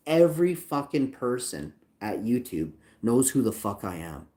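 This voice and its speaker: Angry ranting man, dark voice. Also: mid-range voice, big pitch swings, measured pace, hardly any pauses. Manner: agitated, profane, repeats himself, reads chat lines aloud. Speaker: channel owner livestreaming a complaint. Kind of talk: angry livestream rant.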